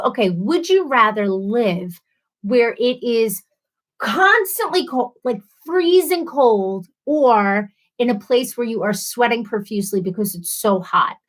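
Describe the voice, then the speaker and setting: A woman's voice: on the high side, low-quality recording. Chatty woman hosting a livestream. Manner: reads viewer comments aloud and chats, bubbly and chatty. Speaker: livestream host. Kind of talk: casual livestream chat.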